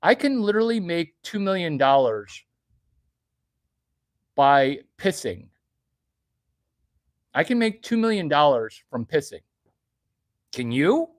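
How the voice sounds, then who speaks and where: Brash, bragging man with a lively voice. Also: a little high, slow, long pauses, no echo, studio quality. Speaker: vlogger. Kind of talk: boastful comedic monologue.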